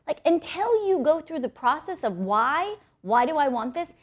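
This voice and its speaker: Young woman, motivational speaker, slightly high voice, blunt and swears freely, keeps checking in with "right?". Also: sing-song, normal speed. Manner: blunt and profane, often tags "right?". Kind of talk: motivational talk.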